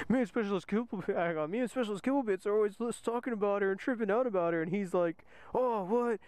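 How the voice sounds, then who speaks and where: High-voiced young man telling a rambling story. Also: fast, a little mellow, clean tone, no echo. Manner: profane, rambling, laughing often. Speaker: soldier vlogger. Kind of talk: casual storytelling.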